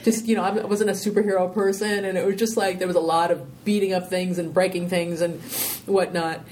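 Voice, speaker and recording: Mellow-voiced woman telling stories in an interview. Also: on the low side, fairly quick, slight background noise. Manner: rambling, animated storytelling with many "you know"s. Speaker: interview guest, filmmaker. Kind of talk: casual interview conversation.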